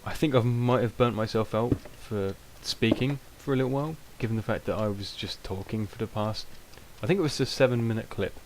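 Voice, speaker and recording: A man's voice: on the low side, fairly quick, hardly any pauses. A young British man giving rambling, self-mocking casual gameplay commentary, with many ums. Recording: noisy home recording.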